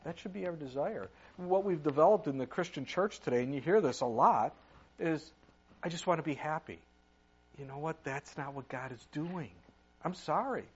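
A man's voice: on the high side, lively intonation, normal speed, husky, dull audio. Older male pastor preaching with dynamic force. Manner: preaches with sudden rises and drops in loudness, reads scripture aloud. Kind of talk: sermon.

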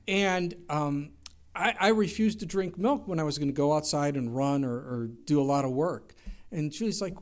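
A middle-aged man preaching a sermon, telling stories in an animated way and jumping his voice up for quoted lines. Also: a little high, moderate pace. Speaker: pastor.

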